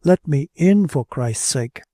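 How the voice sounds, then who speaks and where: A man's voice: fairly high pitch, normal speed, creaky, dark tone, husky, dry recording, studio quality. A man voicing a timid, tender young woman who pleads for shelter, in an audiobook reading. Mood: pleading.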